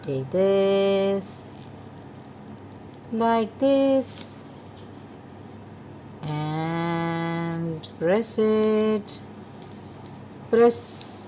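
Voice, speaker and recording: Very slow, patient woman craft teacher. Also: mid-range voice, mellow, slight background noise. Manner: patient, repetitive instructions to children. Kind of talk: step-by-step craft tutorial.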